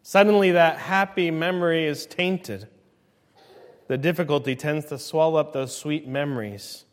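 A man in his thirties preaching a sermon as a pastor, swinging from quiet, low passages to loud, ringing climaxes. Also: big-room sound.

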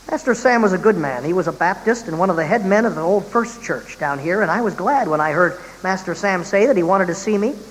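An expressive voice gives a dramatic reading of an old sermon, drawing out its key phrases. The sound carries a long reverb, with a faint hiss underneath. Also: mid-range voice. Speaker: reader.

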